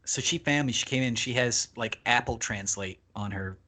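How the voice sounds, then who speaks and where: A man's voice: mid-range voice, moderate pace, sharp tone. A man, a podcast guest, telling a long travel anecdote in casual, profanity-laced talk. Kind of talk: casual storytelling.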